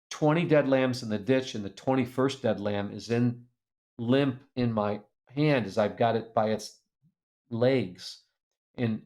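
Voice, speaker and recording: A man telling a personal story as an interview guest, lively and earnest, acting out the people in it. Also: medium pitch. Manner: animated storyteller who acts out the people in his tale; earnest and reflective. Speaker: guest speaker.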